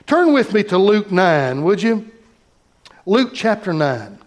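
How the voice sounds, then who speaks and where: A man's voice: high voice, big pitch swings, slow pace. A man pastor preaching a sermon, reading scripture aloud and talking directly to his congregation.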